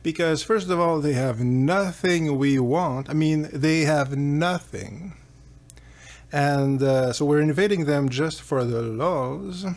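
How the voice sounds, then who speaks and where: A man's voice: a little high, slow pace. A man voicing nervous royal advisers who cautiously object to their king. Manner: hesitant, cautious.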